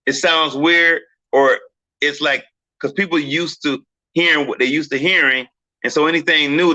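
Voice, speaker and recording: A man's voice: a little high, pushed and bright, no echo, dull audio. A man hosting a casual discussion, telling stories animatedly and acting out quoted voices. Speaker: podcast host.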